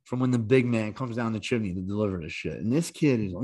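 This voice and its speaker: A man in his thirties, a podcast co-host, telling profane, animated stories in casual chat. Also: medium pitch, fast, hardly any pauses, husky, dry recording.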